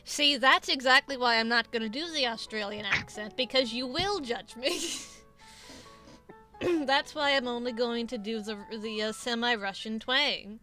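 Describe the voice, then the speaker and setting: A woman's voice: a little high, unhurried, pushed and bright, faint music behind. A young adult woman hosting a stream, chatting casually, rambling with lots of restarts, swearing and laughing often. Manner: rambling, self-interrupting, swears and laughs a lot. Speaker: streamer host. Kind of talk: casual chat.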